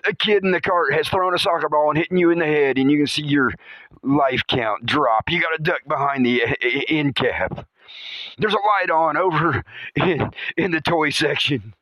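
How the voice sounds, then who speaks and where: A man narrating a comic horror story, chuckling often as he tells it in a playful, animated way. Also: on the high side, normal speed, no echo, highs cut off. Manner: chuckles through his telling, animated and playful.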